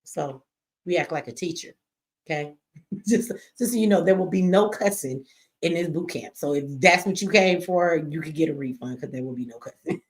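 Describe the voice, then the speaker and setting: A woman's voice: sits low, normal speed. A woman hosting a casual live stream from home, chatty and slangy, cussing and reading viewer comments aloud. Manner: chatty, slangy, cusses and laughs often.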